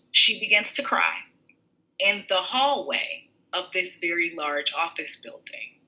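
A woman's voice: mid-range voice, low-quality recording. A woman with a podcast recounting a tense experience at her workplace, talking animatedly and acting out the people she quotes. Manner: animated retelling with quoted voices. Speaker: podcaster telling a personal story. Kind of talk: personal storytelling.

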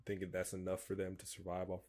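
A young man with a fairly low voice co-hosting a casual podcast. He talks in a relaxed, slangy way. He often acts out what he said while telling a story. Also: fast talker. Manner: relaxed, slangy, quotes himself in stories. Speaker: podcast co-host. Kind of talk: casual chat.

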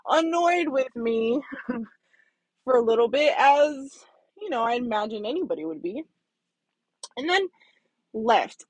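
High-voiced woman telling a story. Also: dry recording. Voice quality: expressive, swings between hushed and loud. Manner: candid, swears for emphasis. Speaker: vlogger. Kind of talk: casual storytelling monologue.

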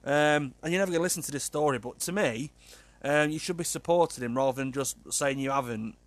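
A man's voice: fairly high pitch, fairly quick. A man, hosting a podcast and giving blunt, chatty agony aunt advice, swearing freely. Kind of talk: casual chat.

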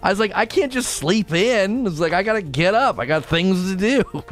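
A man in his thirties hosting a podcast in casual chat, animated and excitable, acting out quotes in his own voice. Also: high voice, normal speed, faint music behind. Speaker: podcast host.

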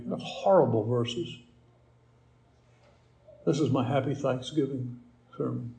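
A man's voice: mid-range voice, moderate pace, creaky, long pauses, mellow, roomy sound. A man preaching a sermon as pastor, building emphasis with repeated rhetorical questions.

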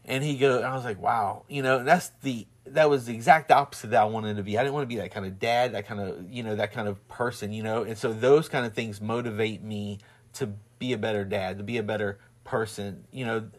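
A man's voice: fairly low pitch, steady tone, fairly quick. A man with a Southern twang in casual chat, rambling with many restarts and laughing often as he tells stories. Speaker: husband and father.

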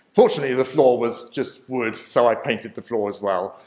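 A man's voice: medium pitch, unhurried, a little mellow. A man and preacher telling his life story as a personal testimony in a self-deprecating way, often chuckling. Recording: roomy echo.

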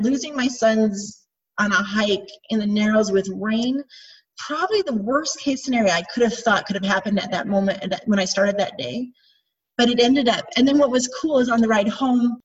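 A woman's voice: a little high, husky. A woman in her forties, a mother telling a group personal stories in a chatty, rambling, self-deprecating way. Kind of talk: casual personal storytelling. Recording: distant, dull lo-fi recording.

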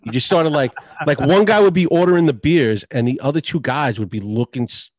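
A man's voice: on the high side, brisk, darkish tone. A man co-hosting a casual chat podcast, talking in a laid-back way full of fillers. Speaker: podcast co-host.

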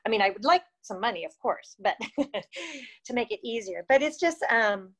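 A woman's voice: a little high, expressive, normal speed, fairly bright tone. A woman in her fifties, a former distance runner, tells stories in an interview in a casual, chatty way, filling her talk with "you know" and "like" and often laughing. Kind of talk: casual storytelling.

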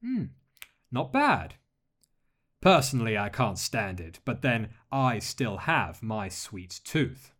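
A man voicing a masked male lord who speaks in a measured, polite way with dry humor. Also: lowish voice, very animated, a bit bright, full character voice. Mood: wry. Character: masked male dark lord, calm, courteous, wry.

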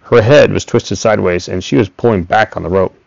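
A man reading a first-person story aloud in a steady, plain way. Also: lowish voice, fairly quick, gravelly, no echo. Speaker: audiobook reader. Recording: dull, dry recording.

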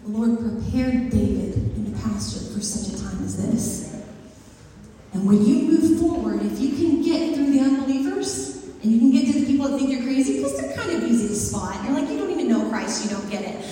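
A woman preaching a lively sermon to a congregation, talking conversationally and asking them questions. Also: high-pitched, normal speed. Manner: animated, conversational, asks the audience questions. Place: church hall with a live congregation. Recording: echoey hall, mic far off.

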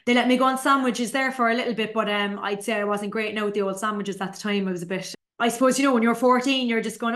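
A woman's voice: fairly high pitch, fairly even intonation, quick pace, hardly any pauses, a bit bright. Chatty woman telling stories. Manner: chatty and conversational, with colloquial asides. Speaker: podcast host, chef and business owner. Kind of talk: casual storytelling.

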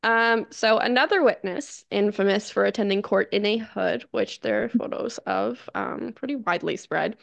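Creaky, gravelly voice from a woman co-host telling a true-crime story in a loose, chatty way. The sound is dry and close, with no room echo. She stumbles over unfamiliar names and laughs them away. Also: mid-range voice, moderate pace, hardly any pauses, fairly bright tone. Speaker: podcast co-host. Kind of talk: casual true-crime chat.

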